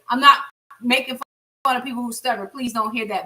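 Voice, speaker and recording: A woman's voice: fairly high pitch, brisk, bright, forceful tone. A middle-aged American woman chatting while she cooks in her home kitchen, giving blunt, friendly advice to her viewers. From United States. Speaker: cooking vlogger. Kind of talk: casual cooking vlog. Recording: voice a bit far from mic.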